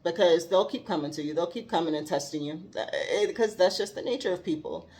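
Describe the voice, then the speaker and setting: A woman's voice: on the low side, fast talker, a little mellow. A woman talking earnestly about faith and growth, heartfelt and given to laughing. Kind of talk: reflective faith talk.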